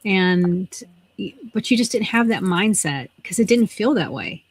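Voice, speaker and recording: A woman's voice: medium pitch, animated, a little slow, slightly rough. A woman co-hosting a craft livestream, chatting casually and laughing often. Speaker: livestream co-host. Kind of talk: casual chat while crafting.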